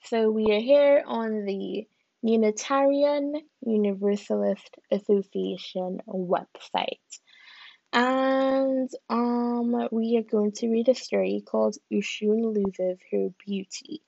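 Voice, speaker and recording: A woman's voice: a little high, slow pace, gravelly, dark tone, no room sound, lo-fi sound. A woman hosting a podcast from a room at home, reading aloud and musing in a chatty way with lots of "like" and "you know". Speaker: podcast host. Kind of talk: casual podcast talk mixed with reading aloud.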